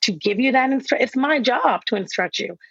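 A woman author being interviewed about raising kids, telling lively stories and acting out the voices of herself and her children. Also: a little high, fairly quick, vocal fry, breathy edge, dry recording. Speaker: author and guest. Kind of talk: conversational interview. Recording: dull, dry sound.

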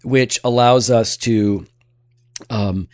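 A man's voice: medium pitch, steady tone, very slow, darkish tone, no room sound. Earnest man talking theology. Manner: earnest, teasing, many restarts. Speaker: podcast co-host. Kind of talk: casual theology discussion.

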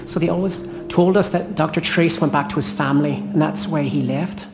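A shaken woman night cleaner, played by an actress, recounting her ordeal in a horror audio drama, tense and halting with the odd curse. Her voice sits low and sounds roomy, with a music score underneath.

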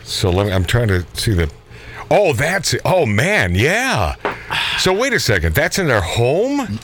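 A middle-aged man hosting a casual talk radio show, his pitch swinging lively up and down. He rambles from one story to the next, laughing often at his own asides. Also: unhurried, a little hiss or hum.

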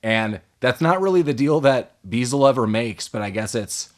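A man in mid-range pitch chatting casually about a film. He tells the plot in an animated way, quotes characters and laughs often. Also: moderate pace. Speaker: podcast co-host. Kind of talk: casual movie recap chat.

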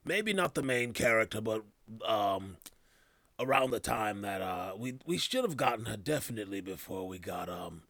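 A man's voice: fairly low pitch, lively intonation, moderate pace, a bit bright, dry recording. A man hosting a casual podcast, rambling with loose slang, trailing off and restarting his thoughts. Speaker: podcast host. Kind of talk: casual chat.

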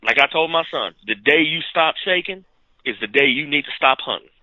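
A man co-hosting a podcast, telling a hunting story in a lively, animated way and acting out the dialogue. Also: a little high, brisk, dry recording, dull audio. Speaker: podcast co-host. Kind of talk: casual storytelling.

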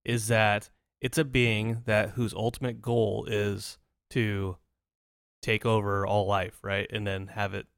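A man co-hosting a casual podcast chat, joking and telling animated stories with laughter. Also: on the low side, takes it slowly, vocal fry, no room sound, clean studio sound. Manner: jokey, animated storytelling with laughs. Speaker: podcast co-host.

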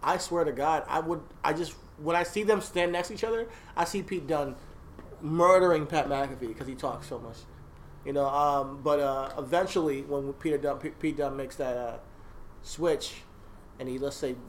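A man's voice: a little high, normal speed, slight background noise. A man co-hosting a casual wrestling podcast, rambling and hesitating as he talks. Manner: rambling, hesitant, full of fillers. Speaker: podcast co-host.

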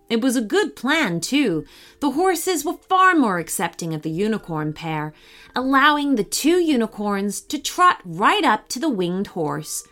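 A woman gently and expressively reading a children's bedtime story. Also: mid-range voice.

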